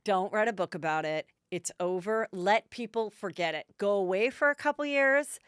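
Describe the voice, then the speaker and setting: A middle-aged woman hosting a gossip podcast, chatty and animated, talking into a studio microphone. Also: medium pitch, moderate pace, smooth, no room sound. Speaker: podcast host.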